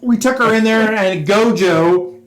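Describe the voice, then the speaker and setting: A man's voice: high-pitched, measured pace, rough recording. A man, a former police officer co-hosting a podcast, telling a story in casual chat, laughing often and acting out the quotes.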